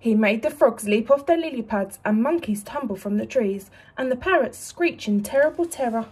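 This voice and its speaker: A woman teacher reads a picture book aloud to young children. She is expressive and often stops to ask them questions. Her voice is fairly high with a husky grain. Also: normal speed.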